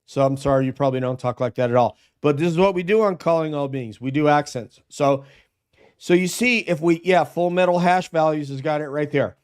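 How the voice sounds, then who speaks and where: High-voiced man arguing a crime case. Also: fairly quick, clear, resonant tone. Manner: emphatic, argumentative. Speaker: guest co-host. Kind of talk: live true-crime discussion.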